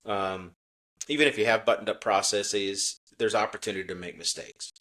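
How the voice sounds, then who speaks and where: Man, middle-aged, low voice, earnest, storytelling, casual interview, restarts. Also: steady tone, moderate pace, pushed and bright. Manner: earnest, acts out quoted dialogue, many restarts. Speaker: menswear company CEO, podcast guest.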